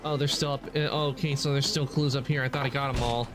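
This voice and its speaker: A man's voice: medium pitch, fairly even intonation, quick pace, over music. A man streaming a game live, chatting casually and correcting himself as he rambles along. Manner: rambling, with frequent self-corrections. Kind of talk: casual gameplay commentary.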